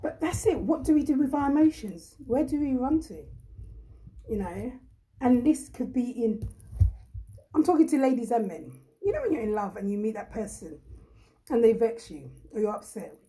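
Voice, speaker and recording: Blunt, emphatic woman host with a mellow voice. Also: a little high, lively intonation, normal speed, rough recording. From Ghana. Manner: blunt, emphatic, repeats points, reads comments aloud. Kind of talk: casual live chat.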